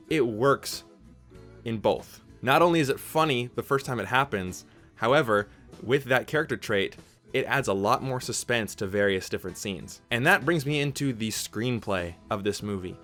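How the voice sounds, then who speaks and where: A man's voice: fairly low pitch, fairly bright tone. A young man hosting a casual movie review vlog, talking enthusiastically in an informal, chatty way. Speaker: movie reviewer, channel host.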